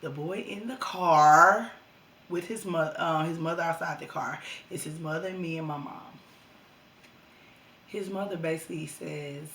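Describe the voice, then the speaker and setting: A young woman telling a casual storytime vlog to her viewers, animated and slangy. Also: low-pitched, normal speed, reverberant, a little hiss or hum.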